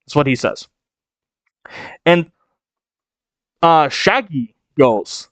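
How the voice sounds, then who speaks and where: An animated, chatty man reads a manga chapter aloud and speculates about what it means. His voice sits a little high and the recording is dry and close, with no room sound. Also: a little slow, pauses often, no room sound. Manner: animated, chatty, thinking out loud. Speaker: manga reaction streamer. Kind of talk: manga reading reaction and speculation.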